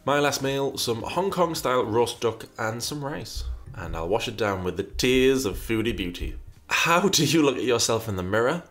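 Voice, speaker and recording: A man's voice: mid-range voice, animated, normal speed, fairly bright tone. A man hosting a casual commentary show, reading out viewer questions and answering them in a rambling, wry way with lots of restarts. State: burpy after breakfast.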